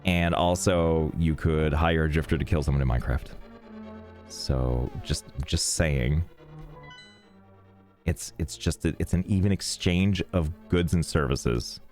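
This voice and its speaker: A man's voice: rumbling low, unhurried, a little mellow, faint music behind. A man streaming a video game live, chatting and joking with chat in a rambling, irreverent way, swearing freely. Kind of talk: casual live-stream banter while gaming.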